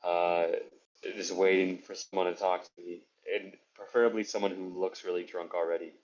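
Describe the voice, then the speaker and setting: Male player, very deep voice, halting and rambling; muffled lo-fi recording. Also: flat delivery. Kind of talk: tabletop game chat. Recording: dull lo-fi re-recording.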